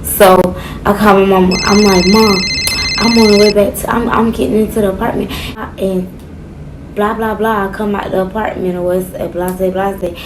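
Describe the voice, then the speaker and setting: A woman's voice: medium pitch, normal speed, noisy background. A woman, telling a dramatic personal story in a casual, slangy way and acting out what others said. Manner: animated, acts out quotes, slangy.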